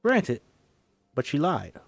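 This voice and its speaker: A man's voice: on the high side, huge pitch swings, takes it slowly, vocal fry, dry recording, faint music behind, pitched above the performer's own voice, full character voice. A man voicing a courtly, probing male detective in a screenplay table read, drifting in and out of a put-on accent. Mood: insistent.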